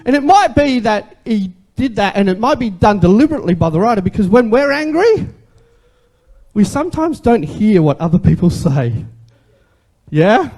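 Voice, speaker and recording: A man's voice: high voice, very animated, moderate pace, a little mellow. A man, preaching a sermon as a pastor in a conversational way and asking the congregation questions.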